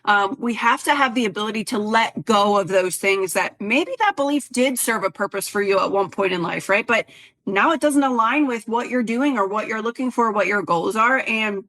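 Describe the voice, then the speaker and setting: A woman's voice: medium pitch, moderate pace. A woman co-hosting a health podcast, talking casually and acting out her clients' words. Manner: chatty, animated quoting of clients. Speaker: podcast co-host, health coach.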